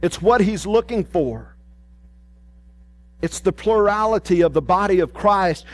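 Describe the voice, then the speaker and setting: Male pastor, lively pulpit delivery, voice a touch high. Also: unhurried. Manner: animated preaching, rising emphatic and dropping soft. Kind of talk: sermon.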